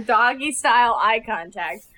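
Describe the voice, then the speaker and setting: A chatty young woman co-hosting a podcast and telling a story, with filler words everywhere and easy giggles. Her voice is bright and crisp, sitting a little high. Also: expressive, slow pace, a little hiss or hum. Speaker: podcast co-host. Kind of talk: casual chat, storytelling.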